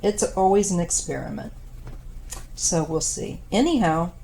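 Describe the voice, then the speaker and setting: Woman, 50s, tarot reader; low, dark, slow delivery with fillers, voice fading, faint background noise. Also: animated, creaky. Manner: unhurried, thoughtful, with frequent pauses and fillers. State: losing her voice. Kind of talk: casual tarot reading monologue.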